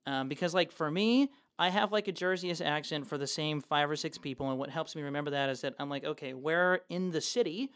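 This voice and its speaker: A man's voice: on the high side, steady tone, quick pace, hardly any pauses, a bit bright, clear, resonant tone. Man rambling casually about gaming. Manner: casual, rambling, swears freely. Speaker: podcast co-host and game master. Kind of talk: casual chat.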